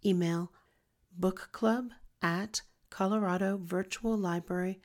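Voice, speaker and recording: A woman reading an informational text in a scripted, even, list-like way. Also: mid-range voice, slow pace.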